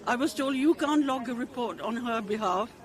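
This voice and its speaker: A mother giving an urgent, indignant speech outdoors at a street protest, with halting restarts. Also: fairly high pitch, lively intonation. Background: crowd noise.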